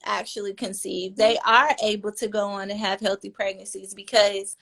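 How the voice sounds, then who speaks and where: Bright-voiced earnest woman coach. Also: mid-range voice, flat delivery, normal speed, creaky. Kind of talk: casual podcast conversation.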